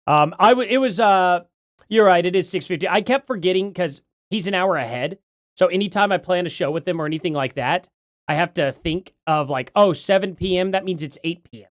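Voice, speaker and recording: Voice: mid-range voice, a little fast, dry recording, clean studio sound. A livestream host chatting casually from home, rambling and correcting themself while reading out donations. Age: adult parent.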